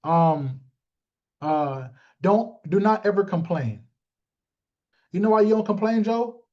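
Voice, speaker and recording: A man with a high voice coaches his sales team in a loose motivational talk. He is blunt and jokey, calls out listeners by name and plays out quick back-and-forths. The recording sounds dull and lo-fi. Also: animated, a little mellow.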